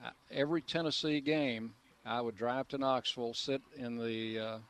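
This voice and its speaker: A man's voice: mid-range voice, fairly even intonation, normal speed, a bit bright, clean tone. An older man, a veteran sports broadcaster, chatting easily as a radio guest on an outdoor patio, telling stories with chuckles and lots of restarts. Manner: easygoing storyteller, frequent uh fillers and restarts, chuckles. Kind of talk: relaxed reminiscing radio interview.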